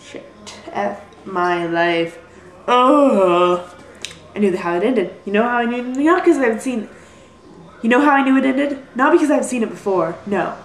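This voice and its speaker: Young woman, highish voice, rambling and apologetic, home vlog in an echoey room. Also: expressive, normal speed. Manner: rambling, apologetic, self-deprecating. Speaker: vlogger. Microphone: built-in computer mic.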